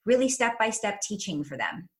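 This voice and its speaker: A woman parenting coach, a younger adult, giving advice in a chat and explaining things clearly step by step. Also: mid-range voice, very animated, normal speed.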